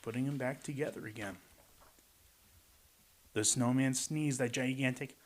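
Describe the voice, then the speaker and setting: At medium pitch and a measured pace, a man reads aloud from a rhyming picture book. Playful commentary comes between the pages, giving it a chatty feel.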